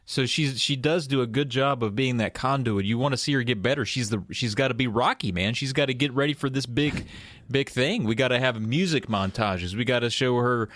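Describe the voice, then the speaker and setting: A man's voice: mid-range voice, brisk, fairly bright tone, no echo. A man co-hosting a podcast, chatting casually about a film with wry jokes and the odd mock accent. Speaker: podcast co-host. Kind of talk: casual movie recap chat.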